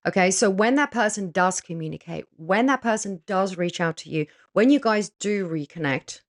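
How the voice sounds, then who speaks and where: A woman's voice: mid-range voice, moderate pace. A woman who does spell consultations talks casually and bluntly to camera. She swears freely and often checks in with her listeners. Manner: chatty, with frequent fillers and tag questions. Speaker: spiritual practitioner offering spell consultations.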